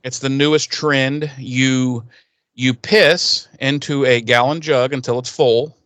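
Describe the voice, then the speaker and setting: A male podcast co-host chats in a loose, joking way, rambling and stumbling over fillers. His mid-pitched voice sounds very dry and close, with no room in it. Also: fairly even intonation, slow pace, fairly bright tone, dry recording. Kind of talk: casual podcast chat.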